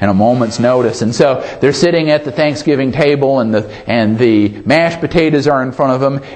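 A man preaching a sermon, emphatic, often calling out for an amen. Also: medium pitch. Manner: emphatic, calls for amens, animated delivery. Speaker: pastor.

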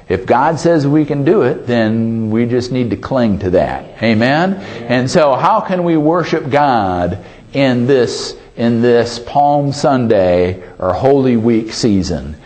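A man's voice: medium pitch, takes it slowly. A man preaching a sermon, emphatic, often calling out for an amen. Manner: emphatic, calls for amens, animated delivery. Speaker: pastor.

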